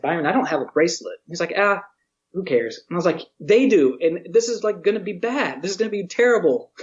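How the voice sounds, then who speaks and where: A museum educator appears as a guest in a casual storytelling interview, a chatty, animated storyteller who acts out quotes and laughs often. His voice is on the high side, and the audio is slightly muffled.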